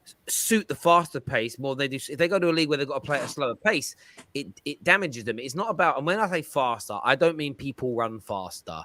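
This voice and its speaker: A man hosting a casual football chat over a video call, animated and emphatic. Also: mid-range voice, fast. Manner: animated, emphatic, swings loud and soft. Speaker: show host.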